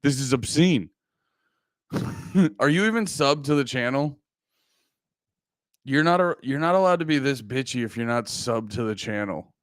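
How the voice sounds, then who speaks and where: A man's voice: mid-range voice, lively intonation, normal speed, pauses often, clear, resonant tone, no room sound, studio quality. A man streaming live, chatting casually and brashly teasing his viewers, swearing often. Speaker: livestreamer. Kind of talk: casual livestream chat. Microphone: close desk mic.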